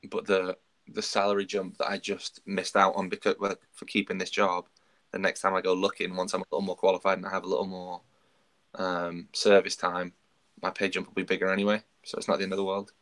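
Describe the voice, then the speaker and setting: Male podcast co-host, low flat voice, rapid anecdotal storytelling. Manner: storytelling, acts out quoted dialogue. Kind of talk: casual chat.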